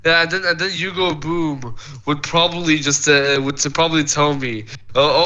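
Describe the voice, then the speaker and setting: Bright-voiced, flustered man podcaster. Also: a little high, steady tone, moderate pace, muffled recording. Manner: hesitant and rambling, full of restarts and flustered protests. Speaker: podcast co-host. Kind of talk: casual chat.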